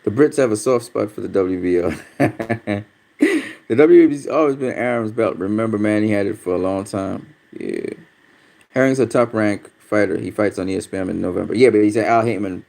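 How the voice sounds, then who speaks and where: With a fairly low, creaky and slightly mellow voice at normal speed, a man hosts a casual livestream on boxing. He reads viewer comments aloud, swearing often, talking bluntly and losing his temper easily.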